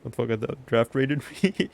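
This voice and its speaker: A man's voice: mid-range voice, lively intonation, normal speed, creaky. A man streaming a video game, joking and rambling in casual commentary and laughing often.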